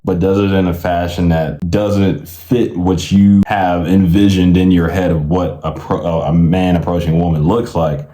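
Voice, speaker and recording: Deep-voiced blunt male commentator. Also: warm tone, roomy sound. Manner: exasperated, blunt, swears casually. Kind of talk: reaction commentary.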